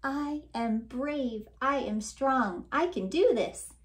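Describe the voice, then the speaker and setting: A woman's voice: sits high, expressive, moderate pace, warm tone, distant mic, voice pushed up. Woman doing an anxious little ant. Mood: brave, determined. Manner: worried, tearful voice.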